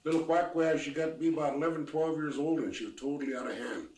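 An older man from the Pacific Northwest telling a folk tale in a lively, folksy way with exclamations. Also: a little high, fast talker. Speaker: storyteller. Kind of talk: oral storytelling. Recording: roomy, mic at a distance.

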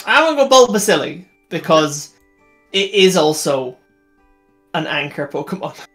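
A man's voice: on the high side, sing-song, unhurried, a bit bright, faint music behind. A man co-hosting a casual livestream, enthusiastic and laughing often, with rambling restarts. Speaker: co-host.

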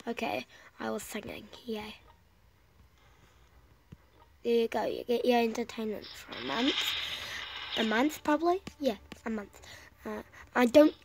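Slow, rambling woman with a cough. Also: a little high, a little mellow, poor audio. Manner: rambling, self-talking, trailing off with fillers. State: sick with a cough. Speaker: gameplay commentator. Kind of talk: casual let's-play commentary.

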